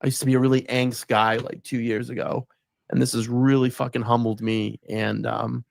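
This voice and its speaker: A man's voice: mid-range voice, flat delivery, moderate pace, vocal fry, darkish tone. A man in casual chat on a livestream, rambling and emotional, restarting often as he tells a story. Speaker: livestream guest.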